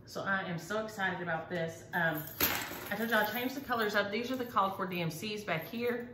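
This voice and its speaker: Speaking briskly in a mid-range voice, a middle-aged needlework vlogger chats casually and enthusiastically as she presents her work. The recording has an echoey room sound and faint ambient noise.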